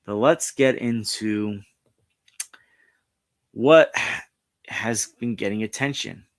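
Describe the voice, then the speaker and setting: A man's voice: on the low side, slow. A man hosting a casual pop culture stream, reading articles aloud and rambling with frequent restarts. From New York. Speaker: streamer host. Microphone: streaming setup mic.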